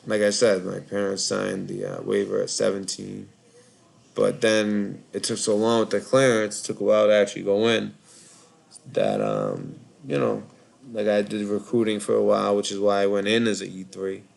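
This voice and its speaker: Tired Boston-accented male call-in host, low and gravelly, loose rambling delivery. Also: fairly even intonation, moderate pace, darkish tone. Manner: rambling, filler-heavy, lots of "like". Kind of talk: casual live call-in chat.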